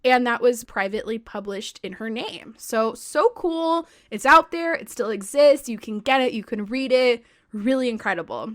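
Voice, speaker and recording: A woman telling a story on a podcast with animated, casual energy, filling her sentences with "like" and dropping the occasional swear. Her voice sits a bit high, and the sound is dry and close with no room behind it. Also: moderate pace, few pauses, no echo. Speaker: podcast co-host.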